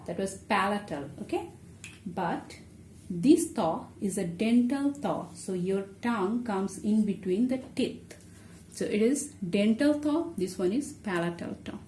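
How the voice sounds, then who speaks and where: In this online language lesson, a female teacher whose first language is Bengali works through the material slowly and patiently, writing as she explains each step. Her voice sits in the mid-range and sounds a little mellow. The recording is roomy and echoey, with faint ambience and a bit of background noise.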